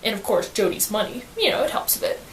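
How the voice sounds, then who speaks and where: Animated slangy woman retelling a book. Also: medium pitch, quick pace, a little hiss or hum. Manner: slangy, animated storytelling with acted-out quotes. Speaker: student reviewer. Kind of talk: casual book summary.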